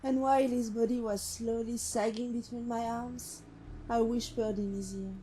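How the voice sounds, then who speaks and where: Brief: actress as a haunted female synth ex-killer, mellow and slightly high, slow and brooding, soft music behind. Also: fairly even intonation, breathy edge. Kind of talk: game companion monologue. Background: faint music.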